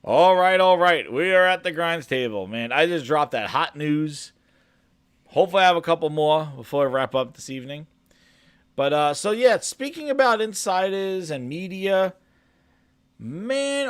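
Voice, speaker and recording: A man's voice: on the high side, clean tone, no room sound. Guy hosting a gaming podcast, mock-dramatic, stammers a lot, voice swings up and down. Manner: mock-dramatic, sarcastic hype; stammering restarts, trailing off quietly. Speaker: podcast host. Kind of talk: casual gaming podcast talk.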